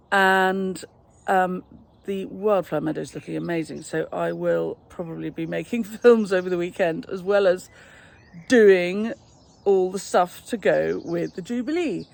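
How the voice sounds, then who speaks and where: A woman's voice: lowish voice, vocal fry, a little mellow. An English woman, a flower farmer, chatting casually as she gives a rambling, self-amused tour of her garden outdoors by her back door. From England.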